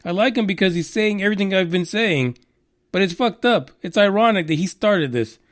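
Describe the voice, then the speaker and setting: A man with a high voice hosts a news podcast. He rants with blunt sarcasm and heavy swearing. His commentary is loose and mocking. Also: animated, brisk. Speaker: podcast host.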